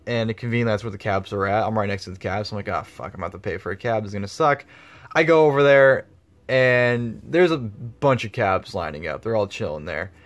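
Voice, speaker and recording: A man's voice: on the low side, expressive, brisk. A man telling a story in a casual vlog, rambling with lots of fillers and swearing freely. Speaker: vlogger.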